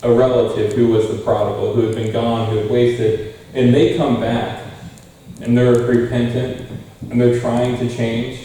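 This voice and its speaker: A young male pastor gives a chatty sermon, tossing questions out to the pews. His voice is mellow and dark, and it comes from some way off the mic. The church sanctuary is very echoey. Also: medium pitch, little pitch movement, unhurried, a little hiss or hum. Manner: conversational, asks the congregation questions. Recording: very echoey room, far from mic.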